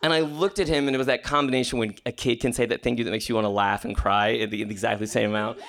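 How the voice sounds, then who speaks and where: A man telling a personal story on stage, lively, acting out the quotes with sudden jumps up in pitch. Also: rapid-fire, a crowd in the background.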